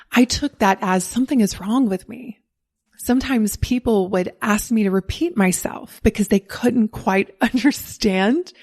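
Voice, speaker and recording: A woman's voice: mid-range voice, darkish tone. Candid encouraging woman podcast host. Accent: neutral American, faint Southern. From Southern United States. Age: 40s. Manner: candid and encouraging, laughs often. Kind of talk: solo podcast monologue.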